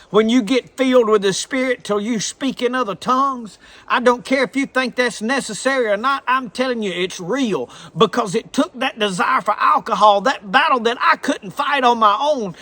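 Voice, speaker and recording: A man's voice: sits high, pushed and bright, no room sound. A man with a thick Southern drawl preaching a folksy, earnest sermon. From American South.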